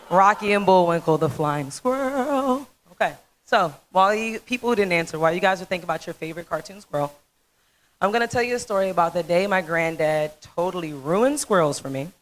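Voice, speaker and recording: A woman in her thirties giving a humorous storytelling speech at a festival, animated and chatty with asides. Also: lowish voice, low-quality recording. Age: 30s. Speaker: speaker at a dental festival talent show.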